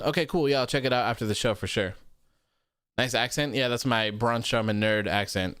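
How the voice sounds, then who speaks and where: A man's voice: medium pitch, moderate pace, a bit bright, smooth, no room sound. A man hosting a live stream, talking bluntly and opinionatedly into a studio microphone and reading viewer comments aloud. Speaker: host of a wrestling show. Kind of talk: live-stream casual chat.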